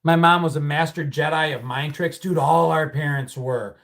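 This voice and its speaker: A man's voice: a little high, fairly even intonation, normal speed, gravelly, fairly bright tone. A middle-aged man hosting a casual livestream, telling childhood stories and reading out viewer comments in a loose, swearing, storytelling way. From United States. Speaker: livestream host.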